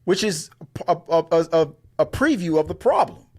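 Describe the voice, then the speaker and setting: A co-host of a movie news show speaks at normal speed in a fairly high, sing-song voice. His entertainment commentary is heated and casual, profane and full of stammered restarts.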